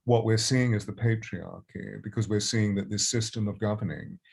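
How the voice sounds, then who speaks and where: A man's voice: lowish voice, fairly even intonation, normal speed, gravelly, darkish tone, slightly rough. An older man, a voice and presence coach, giving expansive and reflective interview answers.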